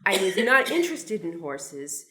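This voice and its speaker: A woman's voice: mid-range voice, very animated, measured pace, a bit bright. A woman in her sixties from Brooklyn, a cartoonist telling wry, meandering, self-deprecating stories to an audience, with frequent restarts and asides. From Brooklyn, New York. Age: 60s. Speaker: cartoonist guest speaker. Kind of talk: anecdotal talk to an audience.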